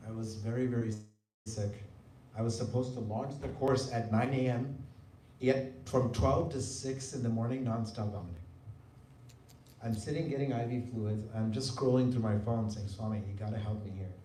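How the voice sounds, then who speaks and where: At a spiritual center's hall, a middle-aged devotional speaker gives a personal testimony, mimicking the people he quotes in playful voices. His mid-range voice is mellow and soft-edged at a normal speed. Recorded from a distance in the roomy space, he has a faint hum of room noise behind him.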